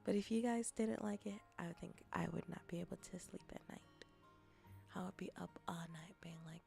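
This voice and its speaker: A young woman streaming a casual chat as a VTuber and ASMR creator, rambling with restarts and often dropping into soft whispers. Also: mid-range voice, normal speed, vocal fry, faint music behind.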